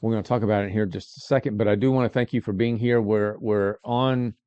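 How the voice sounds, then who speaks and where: A man's voice: on the low side, fairly even intonation, fast talker, warm tone, smooth, no room sound, highs cut off. A man hosting a live local talk show, easygoing and rambling. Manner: easygoing, rambling, restarts often. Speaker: host.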